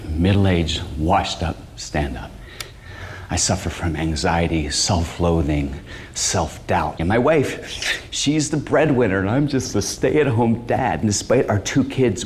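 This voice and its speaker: An actor playing an anxious, washed-up middle-aged male stand-up comic, talking in a halting, stammering, self-deprecating way in a film. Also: sits low, slight background noise. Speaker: stand-up comedian. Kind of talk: film stand-up set and show pitch.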